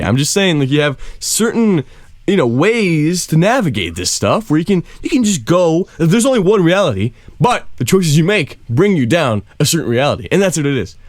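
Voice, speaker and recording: Animated, rambling comedy podcast guy. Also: a little high, no echo, clean studio sound. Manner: rambling, mock-earnest, laughs often. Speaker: podcast co-host. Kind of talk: casual comedic banter.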